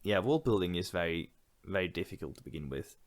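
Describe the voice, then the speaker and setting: A man's voice: sits low, animated, a little fast. A man co-hosting a podcast who talks through films in a casual, reflective way and often agrees with his partner. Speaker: podcast co-host. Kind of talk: casual film discussion.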